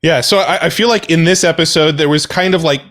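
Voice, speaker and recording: Talky podcast cohost dude, higher voice, says like a lot. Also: male voice, fairly quick, a bit bright. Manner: chatty, lots of "like" and "you know". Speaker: podcast co-host. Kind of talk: casual chat. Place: at home, recording remotely.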